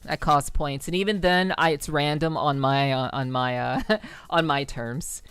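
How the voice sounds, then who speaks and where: A woman's voice: low-pitched, measured pace, smooth, no echo, soft background music. A young woman live streamer in casual chat with her viewers, rambling with frequent restarts.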